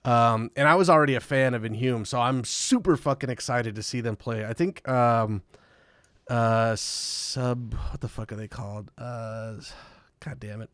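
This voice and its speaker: A man's voice: medium pitch, unhurried, fairly bright tone, dry recording. A man guest on a podcast, telling rambling, profane tour stories in casual chat and laughing often. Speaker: podcast guest, metal musician.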